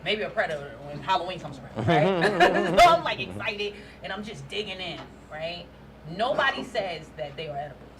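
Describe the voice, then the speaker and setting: A woman comedian, animated, telling a story in casual chat and laughing through her punchlines. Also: lowish voice, moderate pace. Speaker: stand-up comedian, guest. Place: live comedy show venue with audience. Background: crowd noise.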